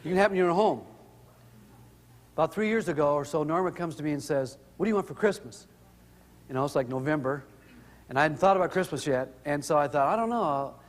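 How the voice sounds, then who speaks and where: A middle-aged man telling humorous family stories in an animated way to an audience. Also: fairly quick, long pauses, long reverb tail. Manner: animated, rises in pitch when excited. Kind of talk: humorous storytelling talk.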